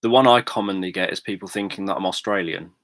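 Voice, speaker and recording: A British man chatting calmly on a livestream, explaining things in a measured, thoughtful way with frequent pauses and ums. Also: sits low, dry recording. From Britain. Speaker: livestream host, sleep story narrator. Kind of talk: casual livestream chat.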